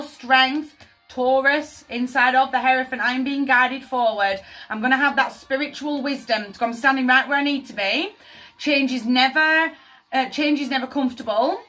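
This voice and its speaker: Bright-voiced emotive woman tarot reader. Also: high-pitched. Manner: emotive, repeats "does that make sense". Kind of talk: channelled tarot reading. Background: faint background music.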